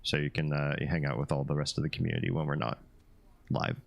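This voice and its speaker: Very deep-voiced man chatting with viewers. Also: quick pace, gravelly. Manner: relaxed, chatty, laughs often, reads chat aloud. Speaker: streamer. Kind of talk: casual live-stream chat with viewers.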